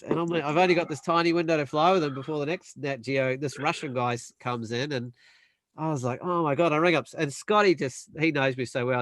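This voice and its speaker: A young man telling a long, animated story in casual chat, acting out the other people's voices. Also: mid-range voice, no room sound. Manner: animated storyteller, acts out quoted voices, quick bursts. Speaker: panel guest.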